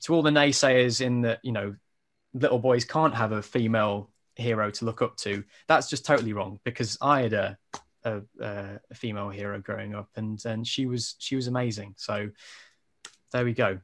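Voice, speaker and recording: A man's voice: lowish voice, steady tone, moderate pace. A man speaking as an interview guest, talking with enthusiasm in a casual chat. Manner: enthusiastic, talks warmly. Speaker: online content creator guest.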